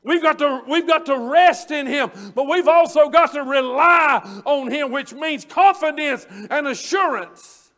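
A man's voice: extremely high pitch, measured pace, hardly any pauses, pushed and bright. A male preacher giving a fervent midweek sermon, often rising into hollering and repeating phrases for emphasis.

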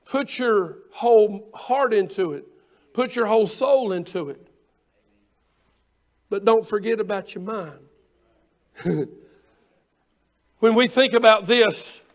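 A male pastor preaching a sermon, quoting scripture in old-fashioned wording and repeating phrases for emphasis. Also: sits high.

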